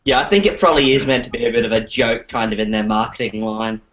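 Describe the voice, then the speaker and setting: A man's voice: mid-range voice, quick pace, fairly bright tone. A man in a mid-range voice explains things at an easy pace during a casual podcast, filling his sentences with "like". The sound is dull and lo-fi. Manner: explanatory, lots of "like". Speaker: podcast co-host. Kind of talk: casual chat. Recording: dull lo-fi audio.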